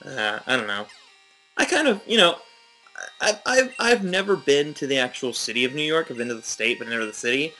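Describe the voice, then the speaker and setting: A man's voice: medium pitch, sing-song, brisk, bright, forceful tone, faint music behind, low-quality recording. A young man giving rambling, chatty, self-mocking commentary while he plays a game. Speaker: let's play host. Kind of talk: casual gameplay commentary.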